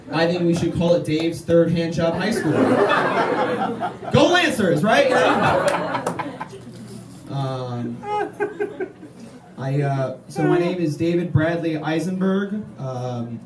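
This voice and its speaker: Halting Midwestern comic in an echoey bar. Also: male voice, a little high. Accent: Midwestern American. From Kansas, American Midwest. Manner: hesitant, halting, deadpan self-deprecating. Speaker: stand-up comedian. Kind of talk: stand-up comedy set. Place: small bar comedy night. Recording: echoey bar room, distant mic, noisy.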